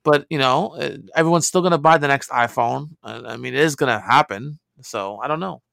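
Gravelly laid-back man on a podcast. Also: medium pitch, a little fast, a bit bright, dry recording, clean studio sound. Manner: laid-back, hesitant, many fillers. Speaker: podcast co-host. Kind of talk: casual podcast chat.

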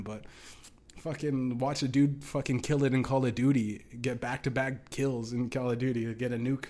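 A man's voice: mid-range voice, steady tone, normal speed, darkish tone. A young man hosting a solo podcast, ranting casually with lots of swearing, restarts and laughing asides. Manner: profane, rambling, laughing asides.

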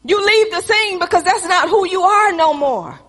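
A woman pastor preaches in a very high, bright voice. She stirs the congregation with call-and-response and slips into acted-out dialogue. Her voice rings with the long echo of a church hall. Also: lively intonation, moderate pace. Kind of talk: sermon.

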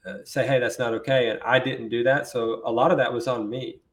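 A man who co-hosts a podcast, chatting casually and giving earnest, measured advice. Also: medium pitch, steady tone, fairly bright tone. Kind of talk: casual chat.

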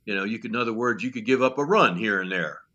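An older former pitching coach, a guest on a podcast interview, tells blunt, salty stories and acts out each exchange, using lots of "you know" fillers. His voice is on the low side and he talks fast, with dull audio.

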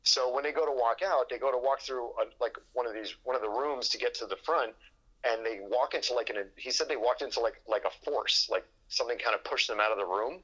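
A man's voice: mid-range voice, fairly quick, pushed and bright, breathy edge, lo-fi sound. A man telling a long story in casual chat, rambling with fillers and restarts and acting out what people said. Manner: rambling, full of fillers and restarts, acts out quoted dialogue.

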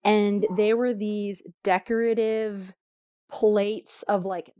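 A woman's voice: medium pitch, level tone, slow pace, mellow, no room sound. A woman telling a travel story in a casual, chatty way, full of fillers and laughter.

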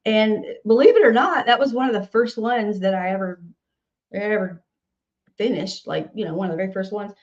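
A singer-songwriter from Nashville, Tennessee, chats casually in an interview in a Southern accent, laughing often and restarting her sentences. Her mid-range voice is brisk with a darkish tone, and the sound is lo-fi.

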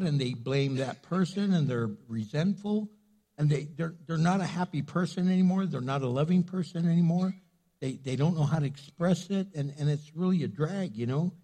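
A man's voice: a little high, animated, moderate pace, dark tone. An older man preaching a sermon as pastor in a church sanctuary, talking conversationally with frequent fillers.

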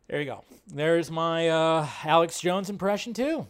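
Brief: man, fairly high voice, live-stream host, rambling and foul-mouthed, loose casual delivery. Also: measured pace, hardly any pauses, clean tone. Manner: profane, rambling, frequent fillers.

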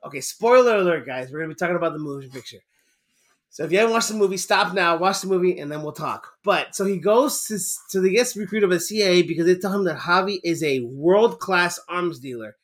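A man co-hosting a casual film chat, retelling scenes excitedly with frequent laughter and swearing. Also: sits high, quick pace. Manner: excitable, laughing, profane storytelling. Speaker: podcast co-host.

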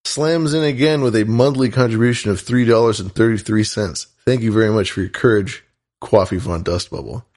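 A podcast co-host with a lowish male voice talks fairly quickly. He jokes around in a casual show and reads out shout-outs thanking listeners.

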